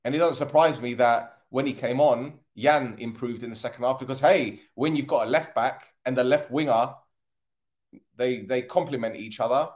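A man's voice: mid-range voice, moderate pace, darkish tone. A man hosting a football podcast, giving a tired, frustrated post-match rant with sarcasm and swearing.

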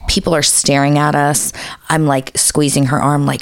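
Woman podcast co-host, lowish voice, profane rambling storyteller, dry close recording. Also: normal speed, dry recording. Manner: profane, animated storytelling with many fillers. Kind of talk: casual storytelling chat.

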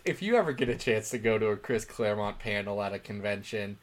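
A man's voice: fairly low pitch, fast talker. A man co-hosting a casual comics podcast, joking around and slipping into mock accents. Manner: jokey, animated, mock accents. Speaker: podcast co-host.

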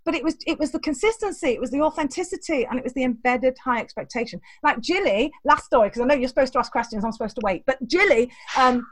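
A woman speaks in a high, bright register at a rapid clip. She tells stories with energy, acting out the voices of the people in them and laughing along the way, in an interview setting. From England. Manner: animated, acts out voices in her stories, laughs often. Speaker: guest, teacher trainer. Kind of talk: storytelling interview.

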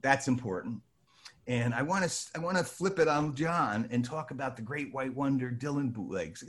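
Animated older man telling a story. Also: mid-range voice, moderate pace. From New Jersey. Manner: lively, acts out voices in his story. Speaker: storyteller guest.

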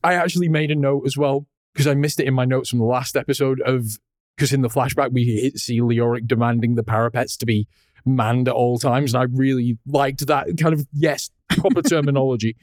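A man's voice: mid-range voice, fairly even intonation, fairly quick, darkish tone, dry recording. Male podcast host, casual chat; laughs a lot and acts out scenes. Dry close mic. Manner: laughs often, swears casually, acts out characters. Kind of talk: casual chat recapping a cartoon.

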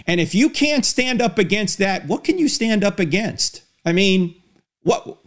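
High-pitched guy arguing his point, keeps asking the audience questions. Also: very animated, moderate pace, a bit bright. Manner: rhetorical questions, addresses the audience. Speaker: author and apologist. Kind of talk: animated conversational argument.

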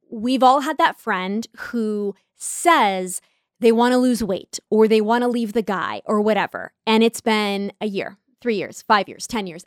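A woman's voice: mid-range voice, dry recording, studio quality. A woman hosting a casual solo podcast, talking in a candid, self-reflective way with frequent asides. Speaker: podcast host.

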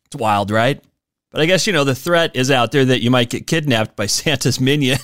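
A man's voice: no room sound, clean studio sound. A man hosting a podcast on his own, chatty and joking, laughing at his own asides. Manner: animated, swoops up and down in pitch. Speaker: podcast host. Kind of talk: casual solo podcast talk.

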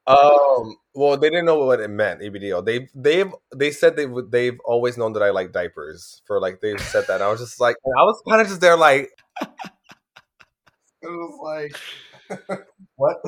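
A man's voice: medium pitch, sing-song, a little slow. A man talking as a podcast guest, telling stories in a rambling way with restarts and giggles. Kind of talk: casual chat.

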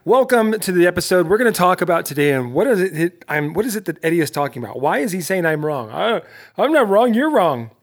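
A middle-aged man hosting his own podcast, giving a lively motivational talk straight to his listeners, full of rhetorical questions and self-interruptions. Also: fairly high pitch, fast, few pauses. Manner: self-interrupting, laughs at himself. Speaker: podcast host.

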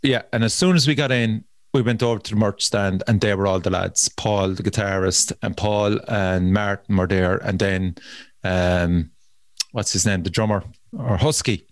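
A man with an Irish accent hosting a casual chat, telling animated stories and swearing freely. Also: lowish voice, normal speed, no echo. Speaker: podcast host.

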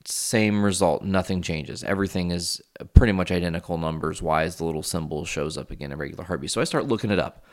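A man in his thirties talks straight to his audience in a deep voice with a rough, creaky edge. His stories ramble and wander, full of swearing and casual asides, as if chatting with friends. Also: fast, few pauses. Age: 30s. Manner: rambling, profane, confessional. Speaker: vlogger. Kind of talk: casual storytelling vlog.

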